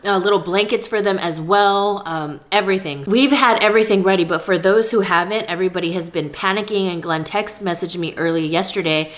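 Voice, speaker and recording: A young woman chats to her camera at home in a relaxed vlog. She talks candidly and easily, pausing now and then for a bite of food. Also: medium pitch. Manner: chatty, candid, talks between bites of food. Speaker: vlogger. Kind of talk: casual vlog chat while eating. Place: at home, indoors.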